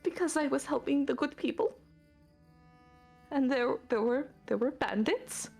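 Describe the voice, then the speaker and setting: An over-eager male god who fawns like a golden retriever and gushes in a high, rambling voice, voiced by a woman. Faint music plays behind him. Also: a little slow, vocal fry, a little mellow. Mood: indignant.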